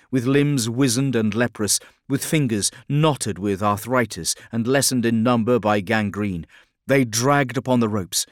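A male narrator reads a story in steady, measured tones, with a grim, even delivery. His voice sits a touch low for a man. The recording is close and dry, with no room sound. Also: dry recording. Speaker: audiobook narrator. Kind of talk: scripted narration.

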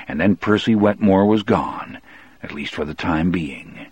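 A man narrating a novel in the first person as an audiobook, in a measured, deliberate way. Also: deep voice, no echo.

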